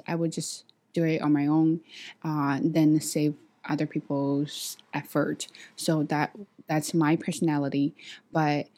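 A woman telling a story to camera in a vlog, hesitant with many fillers and restarts, animated when she acts out what others said. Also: sits low. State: sweaty after a walk. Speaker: vlogger.

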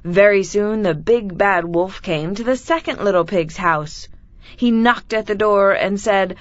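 A woman reading a children's story aloud clearly and deliberately for learners. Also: mid-range voice, no echo, highs cut off. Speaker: reader of children's stories.

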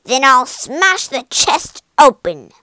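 A bossy pirate captain barks and sneers, as a woman puts him on in a storybook reading, his voice swinging widely in pitch and pushed loud. The room is close and dry. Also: big pitch swings, slow pace, dry recording, full character voice. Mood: menacing.

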